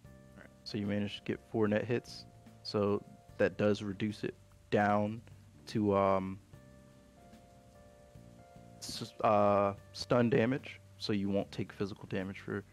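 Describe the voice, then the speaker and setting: A young man acts as game master, walking players through rules in a low, gravelly voice. His delivery stays flat and even, with casual fillers. Faint music plays underneath. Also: slow pace, pauses often. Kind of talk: running a tabletop game online.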